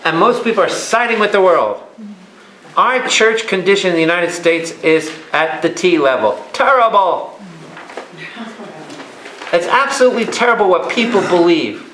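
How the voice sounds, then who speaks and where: A man's voice: sits high, animated, normal speed, pushed and bright, slight background noise. A man, a priest leading a Bible study for a live group, who speaks emphatically and keeps firing questions at his listeners. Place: a meeting room or church hall with a live audience. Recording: echoey room.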